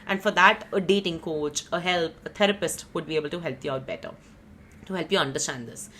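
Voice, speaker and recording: Brief: woman tarot reader, slightly low voice, loose and chatty, lots of "you know" and "like". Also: a little fast, a bit bright, slight background noise. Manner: chatty, rambling, self-teasing, frequent "you know" and "like". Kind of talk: casual tarot reading monologue.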